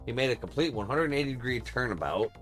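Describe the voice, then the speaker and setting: A man's voice: medium pitch, lively intonation, fast, a bit bright. A man streaming a video game, thinking aloud in casual commentary and muttering to himself. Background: game music.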